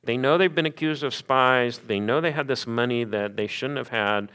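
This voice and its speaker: A man preaching a sermon, telling stories with animated asides and rhetorical questions. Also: medium pitch, moderate pace, clear, resonant tone. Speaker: pastor.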